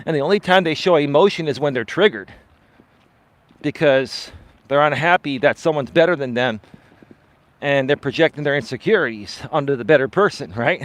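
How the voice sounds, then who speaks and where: A man, a life coach, chatting live with viewers while out on a walk, swinging his pitch up and down and often asking "right?". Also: normal speed. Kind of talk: live-stream chat answering viewer comments. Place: outdoors on a walk.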